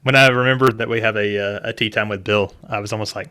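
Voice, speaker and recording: A man co-hosting a podcast in casual chat, relaxed and laughing as he steers the running order. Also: lowish voice, quick pace, smooth, no echo, studio quality. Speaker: podcast co-host.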